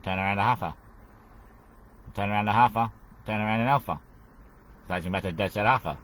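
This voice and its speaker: A man's voice: on the low side, fairly quick, fairly bright tone, poor audio. Rambling man talking to himself. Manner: rambling and repetitive, keeps saying "mate". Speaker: podcast host. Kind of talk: rambling solo monologue.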